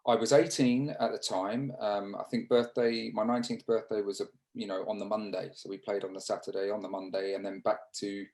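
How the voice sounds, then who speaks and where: An English man in his fifties, a former cricketer, telling stories in a casual interview over a video call, halting with restarts and fillers. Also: on the low side, fairly even intonation, darkish tone, poor audio. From England.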